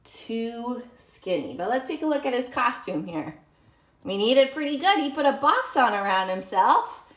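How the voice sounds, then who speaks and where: A woman's voice: fairly high pitch, sing-song, moderate pace, fairly bright tone. Woman, children's yoga teacher, encouraging, echoey room, heard from a distance. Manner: encouraging, asks the children questions and praises them. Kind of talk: storytime yoga lesson for children.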